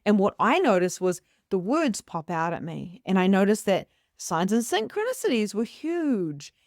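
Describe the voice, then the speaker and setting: Lively woman telling a story. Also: mid-range voice, normal speed, no room sound, clean studio sound. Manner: animated, acts out quoted voices. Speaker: psychic medium host. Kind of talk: casual storytelling to camera.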